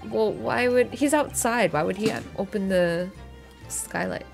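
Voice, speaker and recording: A woman's voice: medium pitch, a little slow, gravelly, soft background music. A woman hosting a game playthrough, chatting and thinking aloud with a giggly, casual manner. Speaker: gaming channel host. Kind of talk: let's play commentary, reading dialogue aloud.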